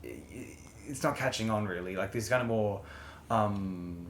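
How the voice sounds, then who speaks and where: A man co-hosting a casual music review chat, halting and searching for words with many fillers. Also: on the low side. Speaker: podcast co-host. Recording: roomy sound with faint ambient noise.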